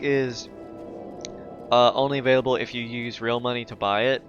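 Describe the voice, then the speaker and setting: A man giving excitable, jokey let's play commentary while playing a video game. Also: medium pitch, moderate pace, pauses often, dull audio, soft background music. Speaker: gamer.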